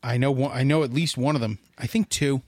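A man's voice: medium pitch, fairly even intonation, a little fast, darkish tone, dry recording. A man co-hosting a podcast, chatting casually about songs with blunt, dry, short verdicts and the odd swear. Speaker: podcast co-host. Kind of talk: casual chat about music.

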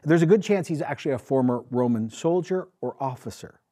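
A man's voice: medium pitch, animated, brisk, warm tone. A male pastor preaching a sermon to his congregation, emphatic and asking them questions. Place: church with a congregation.

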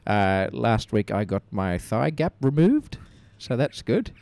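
A man co-hosting a comedy podcast, telling absurd stories in a rambling, deadpan way with many restarts. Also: fairly low pitch, takes it slowly, gravelly, dry recording. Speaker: podcast co-host.

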